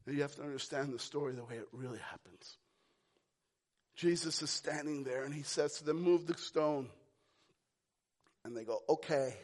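A pastor preaching a sermon, moving from quiet, low lines to loud, ringing calls. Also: male voice, normal speed, pauses often. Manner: preaching with big swings from soft to loud.

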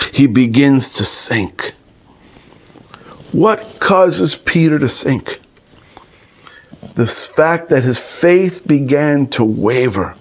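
Guy preaching a sermon, slow and earnest, kinda high voice, acts out the quotes. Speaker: pastor.

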